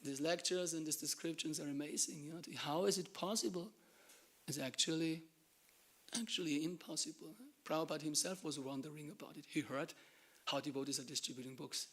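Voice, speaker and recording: A man from Germany, giving an animated devotional class talk and dropping to hushed asides. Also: on the high side, a little fast. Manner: animated storytelling, acts out dialogue, drops to hushed asides. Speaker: temple lecturer.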